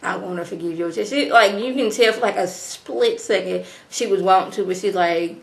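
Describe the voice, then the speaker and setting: A woman casually recapping a TV drama episode in a chatty, slangy, animated way. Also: mid-range voice, moderate pace, vocal fry, echoey room. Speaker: TV episode reviewer.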